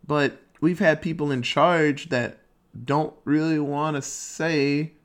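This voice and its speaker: A man giving a casual, rambling monologue, cursing freely and animated as he talks. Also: a little high, takes it slowly.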